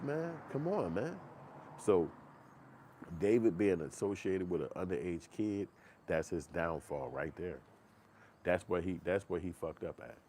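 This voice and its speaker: A man giving casual, animated and profane reaction commentary, acting out quotes in put-on voices. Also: low-pitched, slight background noise.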